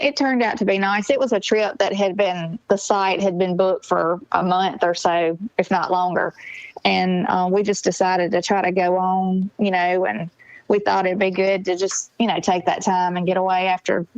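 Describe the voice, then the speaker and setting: A Southern woman from Mississippi, somewhat low-pitched, chatting casually as a morning co-host. She rambles with many fillers. The sound is dry and a little muffled. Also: darkish tone, no echo. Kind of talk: casual on-air chat.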